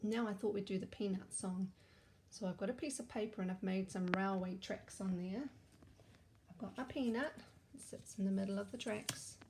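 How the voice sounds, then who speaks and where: Mellow New woman teacher reading aloud to kids, slow and gentle, faint room hum. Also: mid-range voice. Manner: gentle, slow and clear for children. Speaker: teacher reading to young children. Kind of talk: read-aloud story and sing-along.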